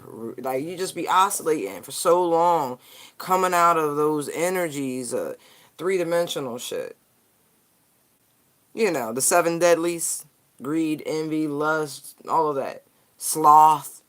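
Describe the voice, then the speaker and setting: Speaking straight to viewers in a mid-range voice, someone gives a casual tarot card reading. The delivery is animated, slangy and profane.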